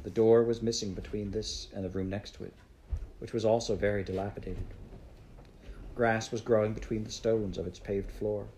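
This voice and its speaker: Low-voiced man reading a storybook. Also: little pitch movement, normal speed, darkish tone, slight background noise, low-quality recording. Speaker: audiobook narrator.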